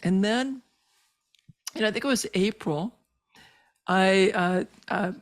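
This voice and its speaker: An older woman, a physician, telling her personal story as a podcast guest, earnest and halting with many fillers and moved as she relives it. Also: mid-range voice. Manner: emotional when reliving moments.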